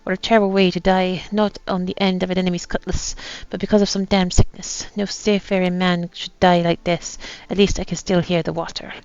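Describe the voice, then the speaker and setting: Woman doing a gravelly old pirate captain, boastful and bitter, rough put-on pirate accent, low, dull lo-fi sound. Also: flat delivery, fairly quick, hardly any pauses, darkish tone, dry recording, close to an everyday voice. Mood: rueful. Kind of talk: reading a journal aloud in character.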